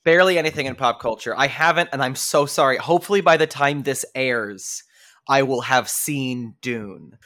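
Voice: mid-range voice, normal speed, a bit bright. Wry, teasing podcast co-host. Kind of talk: casual pop culture chat.

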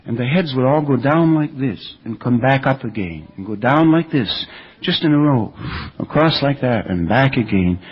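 A man's voice: mid-range voice, lively intonation, normal speed, slightly rough. An older man preaching a sermon, earnestly telling revival stories with quoted speech, on an older radio broadcast. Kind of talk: sermon storytelling about revival. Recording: dull lo-fi radio recording.

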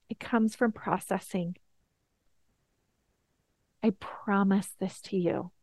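A woman in her thirties hosting a motivational podcast, earnest and emphatic, slowing down on the words that matter. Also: fairly high pitch, dark tone, no echo, clean studio sound. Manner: earnest, emphatic, slows down for key points. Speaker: podcast host.

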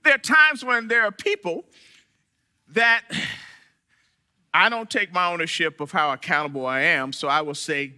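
A man preaching a sermon to his church, animated, with dramatic pauses and quoted voices. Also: high-pitched, smooth. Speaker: church member giving a sermon.

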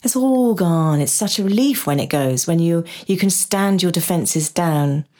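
A woman's voice: lowish voice, expressive, unhurried, warm tone. A woman hosting a podcast, chatty and self-deprecating, acting out her own inner voice as she tells stories. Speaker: podcast host. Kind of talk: conversational podcast interview.

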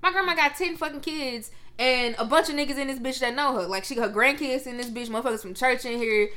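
A woman chats on a casual podcast, swearing freely and acting out quoted lines. Her voice sits high and sounds bright and sharp. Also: fast talker. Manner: brash, profane storyteller acting out quotes. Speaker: podcast co-host. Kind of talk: casual chat.

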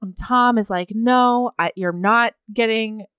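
A woman's voice: on the high side, clear, resonant tone, dry recording, clean studio sound. A woman casually retelling a novel's plot, animatedly acting out the characters' lines. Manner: animated, acts out characters' lines in quick voices. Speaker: podcast co-host recapping a novel. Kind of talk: casual book-recap chat.

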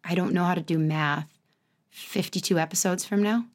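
Candid woman podcaster in her thirties. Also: moderate pace. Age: 30s. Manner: candid, self-mocking, lively swings in pitch. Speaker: podcast host. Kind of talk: casual solo podcast monologue.

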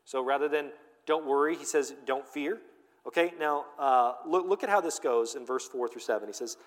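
A man's voice: mid-range voice, a little fast. Emphatic male pastor in a reverberant hall. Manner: emphatic preaching, swinging from loud to hushed. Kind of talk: sermon.

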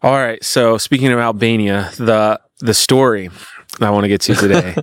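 A man hosting a casual podcast, chummy and excited, who often says "dude". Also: lowish voice, moderate pace, no echo. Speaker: podcast host.

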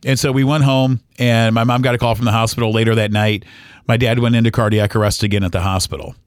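A man in his forties tells a personal story on a podcast, his voice sitting at an ordinary middle pitch. He speaks earnestly and haltingly, often pausing on fillers and starting his sentences over. The recording is close and dry. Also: level tone, clean tone, no room sound. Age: 40s. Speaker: podcast host.

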